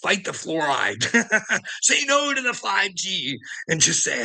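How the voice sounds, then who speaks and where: A man's voice: sits high, huge pitch swings, takes it slowly, gravelly, sharp tone. A man delivering a profane, confrontational rant at someone, laughing between jabs. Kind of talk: ranting monologue to camera.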